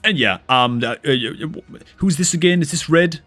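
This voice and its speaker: Excitable man casting a strategy game. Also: fairly high pitch, moderate pace, soft background music. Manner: excitable, exclaims often, calls viewers dude and man. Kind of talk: excitable gameplay commentary.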